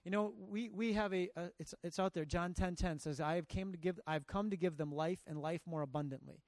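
A man's voice: high-pitched, a little fast, no echo. A middle-aged man preaching a sermon, earnest and emphatic, with a conversational, storytelling delivery. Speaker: pastor.

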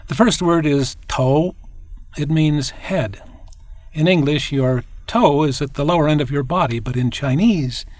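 A man narrating a scripted language lesson, explaining clearly and demonstrating tones. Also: on the high side, a little slow, darkish tone.

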